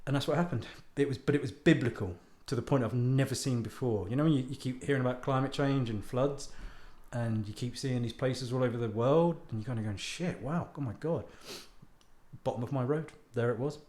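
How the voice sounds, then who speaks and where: A man's voice: medium pitch, fairly quick, a little mellow. A man, hosting his own podcast, rambling and ranting in a self-mocking way and swearing freely. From United Kingdom. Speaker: podcast host and author. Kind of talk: casual ranting monologue. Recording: echoey room.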